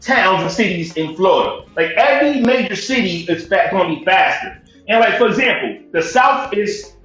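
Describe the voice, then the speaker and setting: A man's voice: high voice, expressive, normal speed, sharp tone. A man from Connecticut arguing his point in a casual panel debate, insistent and repeatedly cutting in to be heard. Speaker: panel speaker. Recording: echoey, dull audio-room call with faint music.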